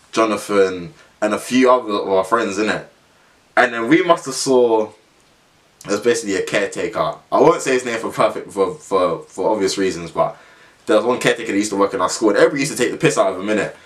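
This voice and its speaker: A man's voice: lowish voice, fairly quick. A young man, telling a funny story in a casual vlog, slangy and rambling, often laughing as he talks. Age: young adult. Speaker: vlogger.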